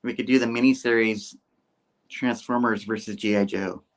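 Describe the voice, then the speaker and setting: A man co-hosting a casual podcast chat, excitable and quick to laugh. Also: on the low side. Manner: excitable, giggly. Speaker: co-host.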